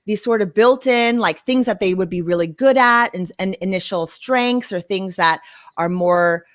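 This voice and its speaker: A woman's voice: mid-range voice, normal speed, no echo, clean studio sound. A middle-aged woman co-hosting a casual podcast, telling stories animatedly and laughing at herself. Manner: animated storyteller who acts out her own yelling. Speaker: podcast co-host. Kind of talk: casual chat.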